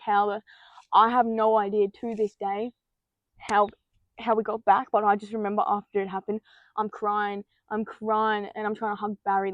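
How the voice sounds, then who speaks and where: A woman's voice: fairly high pitch, no echo, muffled recording. A young woman hosting a podcast, telling a personal story in casual monologue, swearing freely and acting out her own panicked thoughts. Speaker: podcast host.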